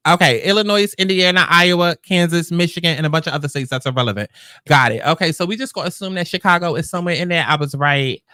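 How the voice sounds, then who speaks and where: Speaking quickly into a close podcast mic, a woman with a low, pushed, bright voice hosts a casual reaction commentary. Her talk is chatty and rambling, and the recording is dry.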